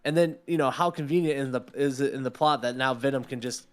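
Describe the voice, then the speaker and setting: A man's voice: medium pitch, fast, soft background music. A man co-hosting a podcast, ranting in casual chat, swearing and acting out quotes. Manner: animated, swearing, acts out quotes. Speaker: podcast co-host.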